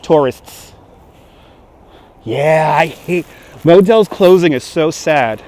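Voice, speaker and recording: A man's voice: a little high, animated, slow pace, a little mellow. A man with a light New York accent giving a casual livestream walking tour outdoors, chatting with viewers' comments as he goes. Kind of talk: casual live-stream chat while walking. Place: city streets outdoors. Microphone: handheld phone on gimbal.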